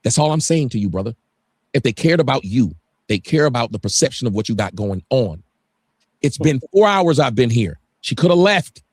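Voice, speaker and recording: A man's voice: medium pitch, big pitch swings, normal speed, slightly rough, no echo, clean studio sound. A man on a livestream talking heatedly, ranting emphatically and swearing often. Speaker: guest on a livestream.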